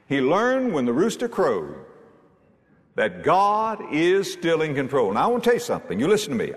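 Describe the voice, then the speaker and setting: A preacher delivering a sermon, rising to high emphatic lines and dropping to hushed low tones. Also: male voice, in a large hall.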